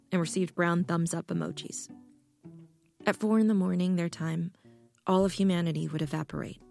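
A woman narrating a short story in a calm, measured, deadpan way. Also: lowish voice, vocal fry. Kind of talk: audiobook story reading.

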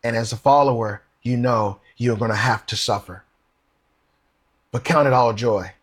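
A man's voice: medium pitch, moderate pace, slightly rough. A man preaching a sermon. He reads Bible verses aloud and asks his listeners questions. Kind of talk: sermon with scripture reading.

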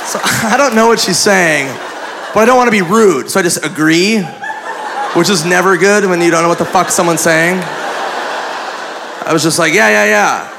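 A male stand-up comic with a high voice performs before a live club audience, speaking at normal speed and pausing often as he acts out the dialogue of a crude, profane story. He uses a handheld mic, and the live recording carries audience laughter and noise.

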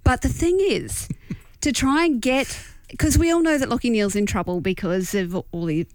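A woman co-hosting a radio show in casual banter, chatty and animated, quick to laugh. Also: a little high, dry recording. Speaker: radio co-host. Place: radio studio. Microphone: studio mic.

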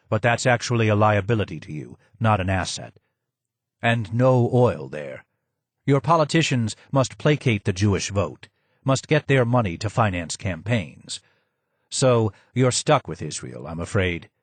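A man voicing a bitter, ailing old Persian man who speaks hoarsely and forcefully. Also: on the low side, no echo.

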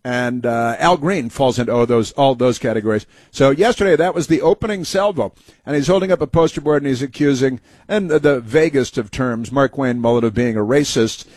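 A man's voice: medium pitch, a little fast, a little mellow, no echo. A man hosting a talk show, giving heated, mocking opinion commentary full of fillers and restarts.

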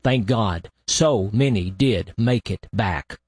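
Husky man with slow dramatic pauses. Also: lowish voice, a little mellow, no echo. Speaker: radio show host. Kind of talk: dramatic radio narration.

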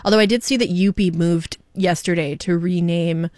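A woman's voice: lowish voice, fairly even intonation, normal speed, a little mellow, no echo. A woman, co-hosting a morning radio show and telling chatty personal stories. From Montreal, Canada. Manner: chatty storyteller. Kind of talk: casual morning radio chat.

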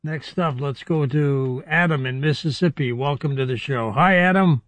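A man hosting a radio call-in show, brisk and wry as he brings on callers. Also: on the high side, a bit bright. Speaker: host.

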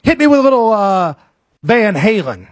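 A male radio host, joking energetically through on-air banter. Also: sits high. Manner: energetic, playful, quick to joke.

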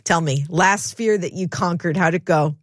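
A woman with a lowish voice hosts a faith-based call-in radio show. She speaks encouragingly to callers, and her sound is close and dry in the studio. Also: normal speed, dry recording. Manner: warm-hearted, encouraging, faith-centered.

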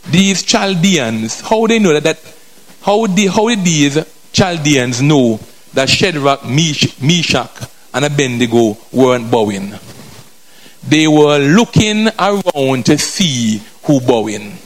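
A man's voice: on the high side, animated, slow pace. A male preacher giving an emphatic sermon with colloquial turns, repeating phrases and checking in with the congregation. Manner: drifts in and out of a colloquial vernacular.

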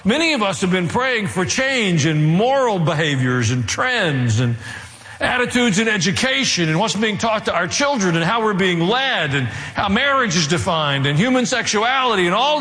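Male pastor preaching, slightly high voice, earnest with deadpan asides, booming hall reverb. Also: moderate pace. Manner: earnest preaching with dry asides, rising in pitch as he presses the point. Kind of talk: sermon.

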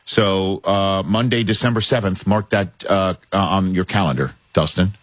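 A man with a New York accent hosting a call-in sports radio show, brisk and joking as he runs through a team's schedule. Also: low voice, no echo.

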